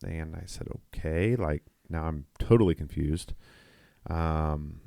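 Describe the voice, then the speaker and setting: Middle-aged guy rambling through a story on a podcast, real low voice. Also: slow, gravelly, warm tone, no echo, clean studio sound. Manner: rambling, with many restarts and quoted dialogue. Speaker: podcast co-host. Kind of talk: casual storytelling chat.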